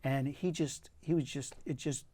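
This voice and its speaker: A man's voice: mid-range voice, fairly even intonation, normal speed, warm tone, slightly rough, dry recording. An older man, a poet, telling personal stories in an earnest, reflective way with frequent restarts, interviewed in a community TV studio. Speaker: poet guest.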